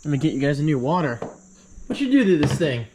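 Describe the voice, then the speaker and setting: Guy vlogging his day, jokey and rambly, kinda high voice, loud outdoor hum behind him. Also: very animated, fast talker. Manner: rambling, chatty, self-joking. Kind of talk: casual vlog chat.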